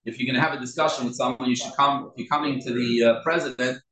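A man's voice: mid-range voice, fairly even intonation, fast, roomy sound, crowd noise, poor audio. Earnest man teaching a Torah class. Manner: earnest, repeats and restarts words, stresses pronunciation.

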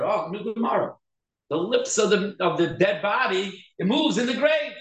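Animated man teaching a Talmud class. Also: sits high. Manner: animated, quick, with many restarts and Hebrew terms. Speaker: Torah teacher. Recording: echoey room.

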